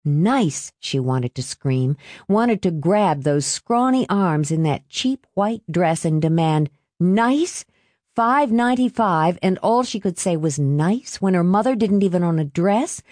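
A woman narrating a novel aloud with steady, expressive reading. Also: medium pitch, no echo, studio quality. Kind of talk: audiobook narration.

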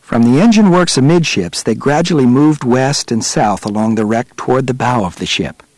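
A man narrating a nonfiction adventure audiobook in a steady, measured storytelling manner. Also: mid-range voice, no echo.

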